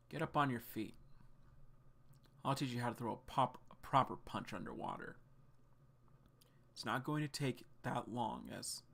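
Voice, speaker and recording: A stern, demanding female combat trainer who gives blunt orders, voiced by a man reading a comic aloud. The voice is gravelly and sits at a middling pitch. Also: fairly bright tone.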